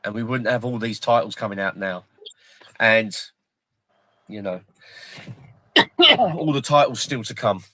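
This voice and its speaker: A man hosting a casual livestream, joking, swearing and excitedly retelling film scenes. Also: lowish voice, a little slow, long pauses, no room sound. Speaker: livestream host.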